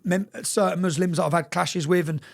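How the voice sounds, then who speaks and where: A man telling a story fast and bluntly in a casual interview, swearing freely and often checking in with "yeah?". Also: high voice, steady tone, creaky.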